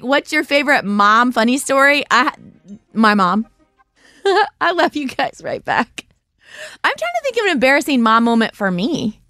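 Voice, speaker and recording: Lively high-voiced woman host. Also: dry recording, studio quality. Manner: animated, laughing often, acting out quotes. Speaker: podcast host. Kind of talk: casual live-stream storytelling.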